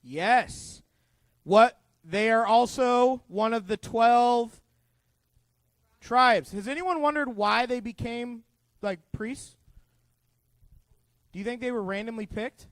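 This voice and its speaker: Man, youth pastor, animated, conversational, high voice, dry sound. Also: slow, pauses often, no room sound. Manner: animated, conversational, acts out characters, asks the group questions. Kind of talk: youth group Bible teaching.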